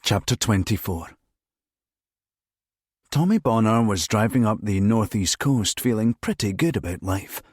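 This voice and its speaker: A man narrating a crime thriller audiobook in a measured, steady reading voice. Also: on the low side, husky, no room sound, studio quality. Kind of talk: scripted narration.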